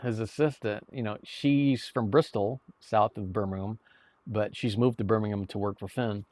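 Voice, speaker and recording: A man's voice: on the low side, steady tone, normal speed, a little mellow, no echo. Rambling male streamer, dry close sound. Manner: rambling, many restarts and repeated words. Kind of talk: casual live-stream chat to viewers. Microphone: streaming mic.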